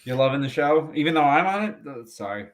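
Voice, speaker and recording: A man's voice: a little high, expressive, fast talker. A man, a comedian guest on a podcast interview, telling a long profane anecdote with frequent laughs.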